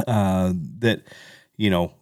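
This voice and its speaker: In clean, studio-quality audio with no room sound, a man with a low-pitched, darkish voice co-hosts a podcast. He takes it slowly with a steady tone, rambling through casual chat with many fillers and restarts.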